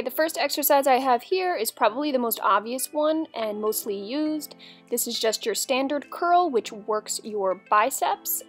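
A young woman talking through a dumbbell workout in a chatty, upbeat, instructive way, like a fitness vlogger. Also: fairly high pitch.

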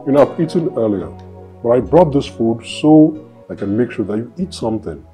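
A man's voice: medium pitch, animated, moderate pace, warm tone, soft background music, close to an everyday voice. An actor playing a husband who comforts his grieving wife, speaking in a soothing, pleading and reassuring way. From Nigeria. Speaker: actor in a film. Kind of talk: film drama acting.

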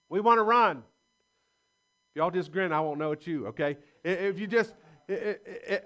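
A man's voice: sits high, a bit bright. A man preaching a sermon as pastor in a church, in a folksy style with stories and laughs. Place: church sanctuary.

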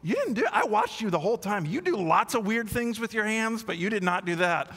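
A man's voice: high-pitched, sing-song, brisk, a bit bright, husky, long reverb tail, voice pushed up, exaggerated voice. A man doing a dry, teasing wife. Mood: reassuring. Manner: teasing, reassuring. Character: matter-of-fact wife reassuring her husband.

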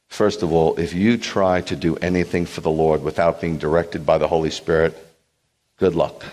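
Lower-voiced man preaching in an echoing hall. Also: moderate pace. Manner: animated, joking asides, acts out quotes. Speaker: rabbi. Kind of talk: sermon. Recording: long hall reverb.

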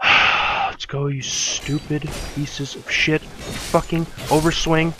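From his room at home, a young adult man commentates a let's play, frustrated with the game, cursing and muttering in exasperation. His fairly high voice is flat and slow, and the recording is very noisy.

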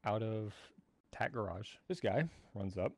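A man's voice: on the low side, expressive, vocal fry, no room sound. Irritated young man arguing in voice chat. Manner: irritated, argumentative, quick when heated. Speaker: roleplay police player. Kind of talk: casual game voice chat.

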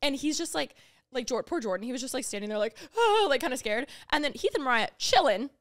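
Animated young woman telling a story. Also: fast talker, no room sound, studio quality. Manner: animated storyteller, acts out quotes with big pitch jumps. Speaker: podcast co-host. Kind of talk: casual chat.

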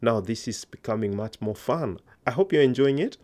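A man's voice: mid-range voice, lively intonation, normal speed, a little mellow. A man teaching an online language lesson, patiently coaxing learners to answer aloud.

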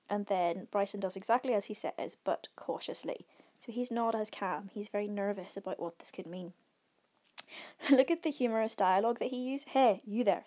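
A woman teacher talking through exam answers, explaining patiently, with frequent ums and short readings from the text. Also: mid-range voice. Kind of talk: exam revision walkthrough.

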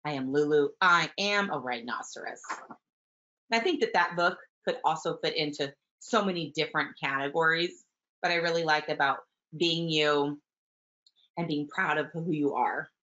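A woman teaching early childhood, talking warmly about picture books and reading them aloud. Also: low-pitched, normal speed. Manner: warm, gentle, enthusiastic teacher, with soft fillers. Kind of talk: webinar talk with book read-alouds. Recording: muffled webinar audio.

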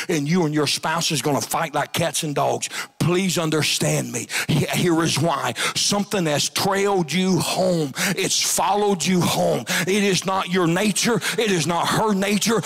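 A man preaching a revival sermon in a church, shouting and rising to high cries. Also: vocal fry, husky. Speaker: pastor. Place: church sanctuary.

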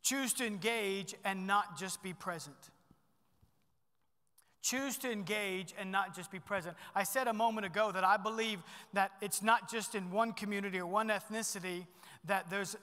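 A middle-aged pastor preaching a sermon in a church, animated and swinging between loud bursts and hushed asides. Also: male voice, high voice, normal speed, big-room sound.

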